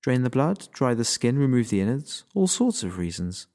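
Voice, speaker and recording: A grim, unshaken young woman warrior who speaks in a formal, blunt way, as a male narrator puts her on. Her voice sits somewhat higher than his usual low tone, and she delivers her lines evenly and matter-of-factly. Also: very animated, normal speed, warm tone. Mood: stern. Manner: formal and blunt, without contractions.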